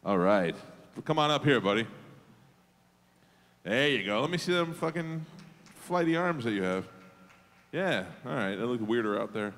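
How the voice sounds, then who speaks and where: A man's voice: mid-range voice, big pitch swings, moderate pace, long pauses, a bit bright. A man hosting a live show on stage, doing casual, teasing crowd work. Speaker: show host and emcee. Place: theater stage. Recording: theater reverb with music behind.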